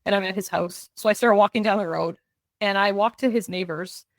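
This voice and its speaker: A medium-pitched young woman speaks a little fast, with no room sound, while telling a personal story as a podcast guest. Earnest throughout, she rattles off events in vivid stretches and performs the dialogue of the people involved.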